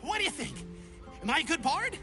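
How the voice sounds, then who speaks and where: A performer voicing an eager, hapless young would-be adventurer in a video game, excitable and clumsy, fumbling for words. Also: high-pitched, brisk, music in the background. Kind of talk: video game character dialogue.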